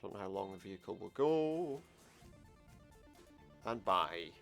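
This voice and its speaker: Playing through an adventure game, a man reads the dialogue aloud and comments with wry, sarcastic asides. His voice sits on the low side, gravelly yet mellow, with lively intonation and a slightly fast pace, and faint music plays behind him.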